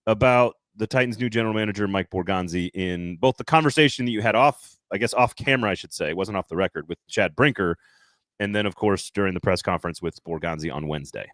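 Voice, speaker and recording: Male sports podcast host, lower voice, rambling and jokey, dry close sound. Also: fast, a bit bright, dry recording. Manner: loose, rambling, jokey delivery. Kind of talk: casual sports talk.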